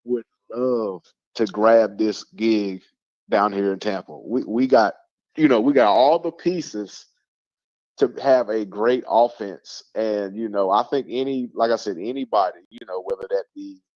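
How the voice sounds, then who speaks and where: A man's voice: on the low side, unhurried, darkish tone, no echo. A man hosting a casual sports talk show, rambling with lots of fillers and restarts. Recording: dull lo-fi stream audio.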